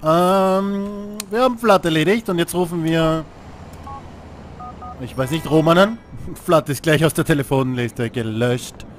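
A man's voice: fairly high pitch, a little slow, a little hiss or hum. A man giving joking, casual gaming commentary while playing, laughing at the action. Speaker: let's play host.

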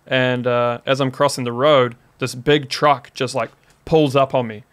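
Young kiwi guy telling a story on a podcast, talks easy and lively, says like a lot, voice right in the middle. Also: medium pitch, measured pace. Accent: New Zealand. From New Zealand. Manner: animated, heavy use of "like" as a filler. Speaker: podcast guest. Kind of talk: casual storytelling.

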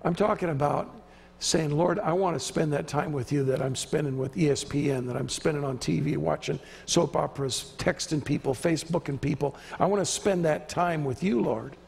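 A man's voice: on the high side, moderate pace, vocal fry, a little mellow, slightly rough. A man preaching a sermon in a church, emphatic and acting out the quoted voices he describes. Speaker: visiting preacher. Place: church sanctuary. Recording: church hall reverb.

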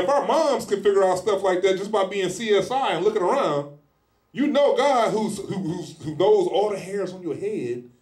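A man preaching a sermon in a casual, animated style, acting out little scenes as he goes. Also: high-pitched, echoey room. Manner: animated, acts out scenes in lively voices; speaks in informal colloquial style. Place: church hall.

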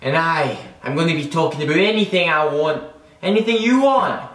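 A man's voice: fairly high pitch, fairly quick, a bit bright, lightly acted. A man with a Scottish accent playing a boastful, dim young vlogger who rambles and stumbles over his words in a comedy monologue. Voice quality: rambling, self-important, stumbling. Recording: echoey room, distant mic.

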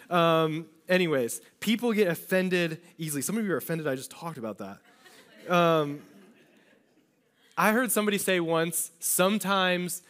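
Conversational male pastor, slightly higher voice, casual sermon delivery with playful asides. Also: a bit bright. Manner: casual, conversational preaching with lots of "like" and acted-out asides. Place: church.

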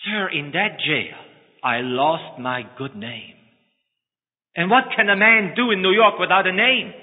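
A man's voice: medium pitch, very animated, a little slow. A man voicing a desperate young male ex-convict pickpocket, pleading and frantic, told within a sermon. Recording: tinny phone-like line, echoing hall.

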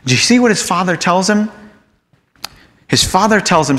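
A man preaching a sermon, telling a story with lively delivery and acting out the characters in it. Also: high voice, moderate pace. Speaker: pastor. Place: church sanctuary. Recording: long church hall reverb.

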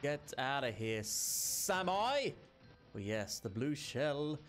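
A man hosting his own gaming channel, giving excitable let's play commentary and shouting at the game. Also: mid-range voice, a little slow, soft background music.

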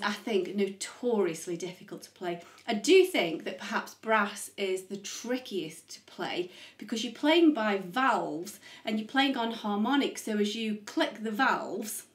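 A woman teaches music in a relaxed vlog, chatty and eager, often wandering off on tangents. Her voice sits at an ordinary middle pitch. The room gives it a noticeable echo. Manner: chatty and enthusiastic, easily sidetracked. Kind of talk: casual educational vlog. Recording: echoey room.

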